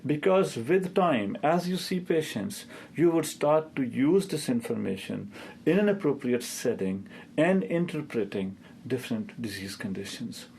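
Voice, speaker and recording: A man's voice: medium pitch, very animated, a little slow, vocal fry, a little mellow, a little hiss or hum. A man in his fifties, a rheumatologist, answering interview questions and telling stories with a hesitant delivery full of filler sounds.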